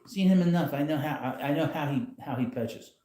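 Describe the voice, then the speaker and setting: Man, fairly high voice, rambling blunt live-stream chat, echoey room. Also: brisk, warm tone. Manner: rambling, blunt, chuckles often. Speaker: channel host. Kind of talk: casual live-stream commentary. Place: home, in a rocking chair.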